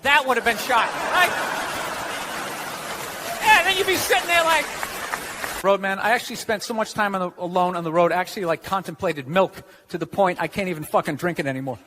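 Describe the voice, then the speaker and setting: An American man doing a stand-up comedy set, ranting sarcastically and shouting his punchlines. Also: high voice, brisk. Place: comedy stage before an audience. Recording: live club recording with crowd and noise.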